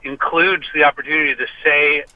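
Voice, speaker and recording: A man's voice: a little high, fairly even intonation, fairly quick, no room sound. Wry stammering man on a muffled phone line. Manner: stammering, wry and self-deprecating. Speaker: guest musician. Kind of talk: casual phone interview. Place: parked car. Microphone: phone call.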